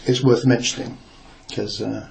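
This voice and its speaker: A man's voice: on the low side, little pitch movement, a little slow, vocal fry, a little hiss or hum. An older man, a former newspaper reporter, recounting a workplace memory in a rambling, hesitant way with many fillers and restarts. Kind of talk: reflective oral history storytelling.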